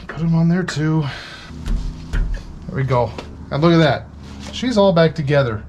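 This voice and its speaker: Working on a car in his garage, this mechanic host keeps up casual talk full of joking asides for his repair vlog. He speaks unhurriedly in a slightly high, expressive voice, and background noise can be heard.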